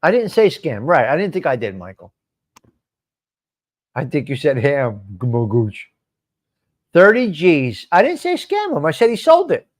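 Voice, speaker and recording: A man's voice: fairly high pitch, huge pitch swings, moderate pace. A man hosting a live stream show, chatting casually and answering viewer comments by name in a rambling, swearing way.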